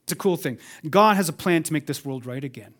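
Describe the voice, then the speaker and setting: A man preaching a sermon as pastor, swinging between loud emphatic lines and hushed ones, calling on the congregation to respond. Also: fairly high pitch, expressive, fast.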